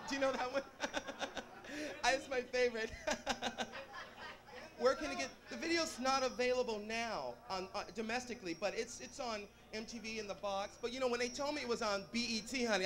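A man performing as a drag queen, from Georgia, bantering with a club audience on a handheld mic in sassy, campy live stage chatter with a bubbly laugh. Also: very high voice. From Atlanta, Georgia. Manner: sassy, campy, calls people honey and baby. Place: nightclub stage. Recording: live club recording, noisy crowd.

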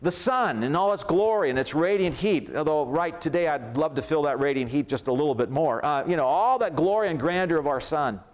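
A pastor delivers a sermon in a church sanctuary, his voice a little high for a man. He speaks conversationally at an easy, unhurried pace and builds up emphatic lists.

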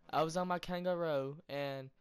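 Man doing a put-on British accent, cheeky cursing bloke, mock-posh, smooth raised voice, gameplay impression. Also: a little high, no room sound, clean studio sound, pitched above the performer's own voice, exaggerated voice. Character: cheeky young British bloke, quick to curse.

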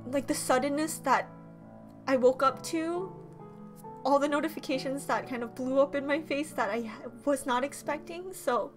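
Tearful high-voiced young woman vlogging. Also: normal speed, soft background music. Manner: emotional, tearful, rambling with restarts. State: teary, voice breaking. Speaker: YouTuber. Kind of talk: emotional vlog talk to camera.

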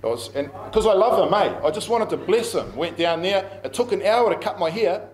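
A man's voice: high-pitched, animated, brisk, hardly any pauses, a crowd in the background. A middle-aged man with a New Zealand accent preaching a sermon as pastor, telling stories in a conversational way and laughing at himself. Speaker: pastor and school principal. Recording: echoey room.

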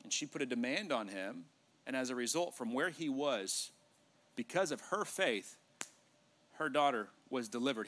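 Bright-voiced pastor preaching animatedly. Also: male voice, mid-range voice. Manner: animated preaching with humor and acted-out dialogue. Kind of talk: sermon. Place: church sanctuary.

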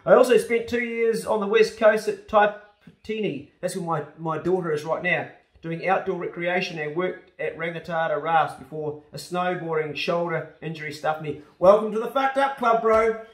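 A man with a New Zealand accent talks casually and bluntly, swearing freely as he reads his fan mail. His voice sits a little high for a man. The small room around him gives it a noticeable echo. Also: normal speed. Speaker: YouTuber opening fan mail. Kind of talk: casual chat. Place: house truck on a rainy day.

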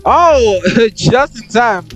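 A man's voice: very high-pitched, extremely slow, soft background music. A young man commentating a horror game playthrough, chatting in slang and yelping when startled. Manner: excitable slangy chatter, jumpy yelps. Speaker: gaming YouTuber.

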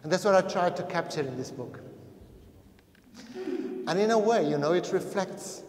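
A man's voice: high voice, expressive, moderate pace, noisy background. Man talking in a roomy hall. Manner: hesitant, repeats words, loose storytelling. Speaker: panel speaker. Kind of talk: conference talk. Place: large echoey exhibition hall.

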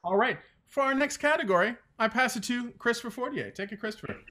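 Male game show quizmaster, upbeat, reads lyrics clearly, light bright tone. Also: extremely high pitch, lively intonation, quick pace. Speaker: quizmaster host. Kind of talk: game show hosting, reading lyrics aloud.

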